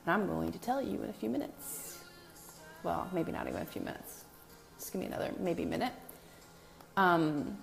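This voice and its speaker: A woman's voice: on the low side, vocal fry. A woman hosting a casual live stream from her home, greeting viewers by name in a chatty, self-deprecating way. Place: new home with a brick wall, indoors.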